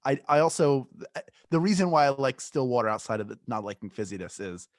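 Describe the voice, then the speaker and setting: A man's voice: mid-range voice, expressive, brisk, dry recording, studio quality. Rambling, joking male podcast co-host. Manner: rambling, self-interrupting, joking. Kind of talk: casual chat.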